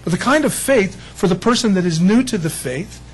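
A man preaching a sermon as pastor, animated, acting out other people's voices with self-deprecating humor. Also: high voice, a little fast, breathy edge, low-quality recording.

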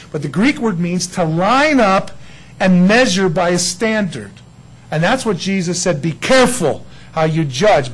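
A man preaching a sermon as pastor, lively and conversational, acting out little dialogues with God. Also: high-pitched, breathy edge, poor audio.

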